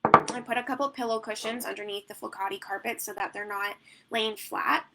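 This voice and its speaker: Woman, newborn photographer, live webcam Q&A, highish voice, gravelly fry, rambling and chatty. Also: fairly even intonation, a little fast, noisy background. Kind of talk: live Q&A teaching.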